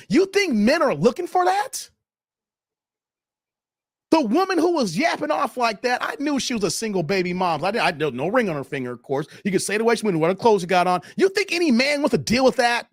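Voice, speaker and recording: A man tells a story to his viewers in a loose, profane rant. His fairly high voice leaps up and down with lively expression. The sound is close and dry, with no room echo. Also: moderate pace. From Chicago, USA. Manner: animated, profane, talks straight to viewers. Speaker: YouTube commentator.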